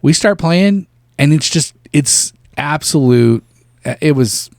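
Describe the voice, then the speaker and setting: Man telling a lively story, dry sound. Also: fairly high pitch, slow, creaky, no echo. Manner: animated storyteller, laughing. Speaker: podcast co-host. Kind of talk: casual chat.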